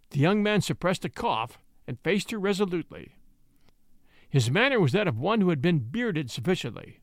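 Male storyteller, expressive reading, high lively voice, dry close sound. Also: moderate pace, dry recording. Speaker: narrator. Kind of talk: storybook narration.

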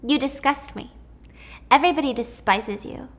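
A woman's voice: sits high, normal speed, voice pushed up. A woman doing a cold, cruel companion robot. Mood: contemptuous. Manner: cold, insulting, monotone.

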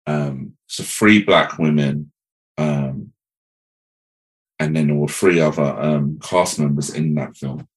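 Deep-voiced man telling a story animatedly. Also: slow. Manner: animated storytelling with acted-out quotes and many fillers. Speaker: podcast host. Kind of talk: casual chat.

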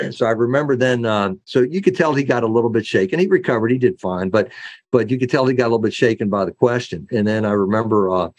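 A middle-aged former sheriff, appearing as an interview guest, tells stories in a quick, medium-pitched voice with no echo. He rambles with plenty of fillers and restarts, acting out what other people said.

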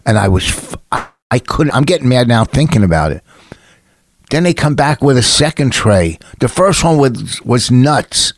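A man's voice: mid-range voice, big pitch swings, moderate pace, a little hiss or hum. A man, a stand-up comedian, ranting in casual chat and swearing constantly as he tells a story. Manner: profane, ranting, heated storytelling.

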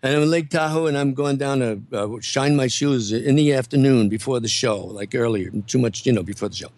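An older male comedian and impressionist, a guest telling animated stories and slipping into voices. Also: medium pitch, fairly quick, no room sound. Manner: lively storyteller who slips into voices.

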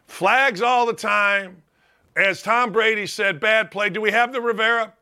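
A man hosting a sports talk show, ranting loudly and emphatically about football. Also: high voice, fairly even intonation, a little slow, smooth. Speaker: sports talk radio host. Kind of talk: opinionated sports talk monologue.

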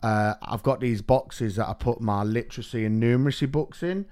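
A man's voice: mid-range voice, moderate pace, a little mellow, voice pushed down, close to an everyday voice. A man voicing a laid-back male Cockney teacher colleague, speaking in casual, drawling slang. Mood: easygoing.

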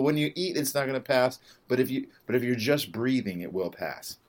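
A man co-hosting a podcast in casual chat, animated and profane, and he gets loud when he vents. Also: medium pitch, brisk, few pauses. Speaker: podcast co-host.

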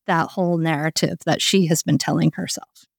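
A woman's voice: low-pitched, fairly even intonation, fairly quick, gravelly, dry recording, clean studio sound. A woman working as a parenting coach, explaining earnestly and often checking in with "right?". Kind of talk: coaching conversation.

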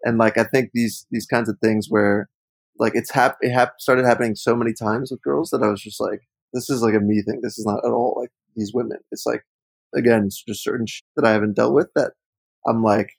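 A man's voice: medium pitch, fairly even intonation, a little fast, creaky, slightly rough, no room sound, low-quality recording. A man in his thirties co-hosting a casual podcast, talking in a reflective, frank way with plenty of "like" fillers. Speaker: podcast co-host.

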